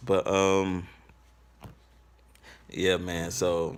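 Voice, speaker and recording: A man's voice: fairly low pitch, measured pace, a bit bright, a little hiss or hum. A young man telling a story to camera in a laid-back, slangy way, full of fillers. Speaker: vlogger.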